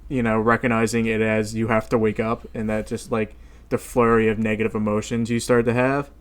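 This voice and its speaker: A man's voice: on the low side, level tone, a little fast, clean tone. Rambling man telling a story. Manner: rambling anecdotes with many fillers and restarts. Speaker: podcast co-host. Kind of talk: casual chat.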